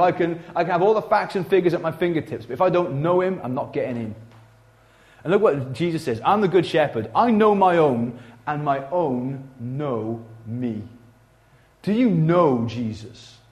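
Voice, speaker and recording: A man preaching a sermon in a church, conversational and animated, swinging from loud to hushed. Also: high-pitched. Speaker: pastor.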